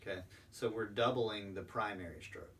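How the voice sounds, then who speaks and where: With a lowish voice, fairly even intonation and normal speed, a man teaches drum rudiments step by step in a recorded lesson. He's patient and says "um" now and then. The audio comes from a distant mic with faint background noise.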